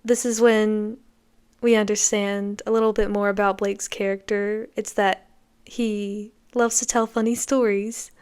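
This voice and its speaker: A woman's voice: mid-range voice, little pitch movement, a little slow, a little mellow, smooth. A woman hosting a podcast, giving enthusiastic, conversational commentary as she reacts to a film. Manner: enthusiastic, conversational, reacting to scenes as they play. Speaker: podcast host.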